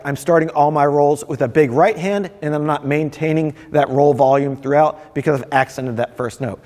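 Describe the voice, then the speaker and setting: A man's voice: fairly high pitch, a little mellow, big-room sound. A man, a percussion professor, explaining snare drum rolls step by step in a friendly instructional video.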